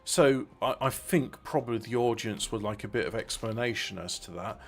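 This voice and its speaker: A man's voice: lowish voice, normal speed, gravelly, soft background music. A man, co-hosting a casual chat podcast, rambling with frequent restarts and fillers. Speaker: podcast co-host.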